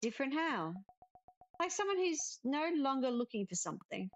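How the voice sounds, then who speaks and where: A woman reading as a gentle young witch. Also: high voice, very animated, normal speed, dull audio, soft background music. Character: gentle young witch who talks to spirits.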